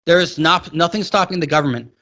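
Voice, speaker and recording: Young male podcast co-host, slightly higher voice, animated ranter, casual political banter. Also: quick pace. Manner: animated, rants with rising pitch and mock quotes.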